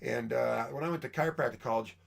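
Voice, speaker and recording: A man's voice: mid-range voice, fast talker, vocal fry. A middle-aged man from Canada, a chiropractor and massage chair dealer, rambling chattily in a casual monologue full of fillers.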